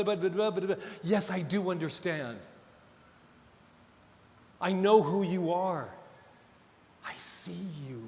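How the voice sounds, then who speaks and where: A middle-aged man preaching a sermon as minister, impassioned and at times near shouting. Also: a little high. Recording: long hall reverb.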